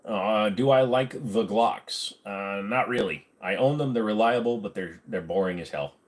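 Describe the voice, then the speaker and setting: A man with a fairly low voice hosts a casual livestream. He reads viewer comments aloud and answers them bluntly and sarcastically, swearing freely as he goes. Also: moderate pace. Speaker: livestream host.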